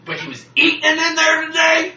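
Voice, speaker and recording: A man ranting loudly and profanely in casual chat, laughing as he goes. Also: very high-pitched, sing-song, moderate pace. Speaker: podcast co-host. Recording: echoey room, distant mic, noise.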